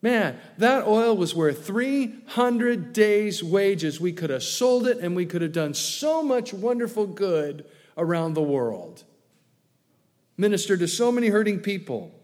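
A pastor preaching a sermon in a conversational way, with joking asides and acted quotes. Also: male voice, high-pitched, big pitch swings, measured pace, a little mellow, big-room sound.

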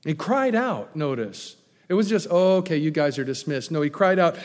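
A pastor preaching a sermon, animated, loudly acting out the lines he quotes. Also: on the high side, normal speed. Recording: long hall reverb.

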